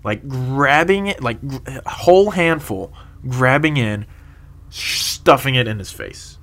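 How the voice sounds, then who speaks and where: A young man telling a rambling, casual story, laughing often and filling pauses with "uh" and "um". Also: medium pitch, animated, fairly bright tone.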